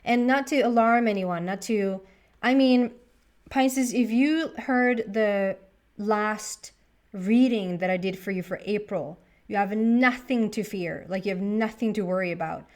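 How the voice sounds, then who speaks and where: A woman's voice: mid-range voice, measured pace, darkish tone. A woman giving a casual tarot reading to her viewers, chatty and thinking aloud as she talks to the cards. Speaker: tarot reader.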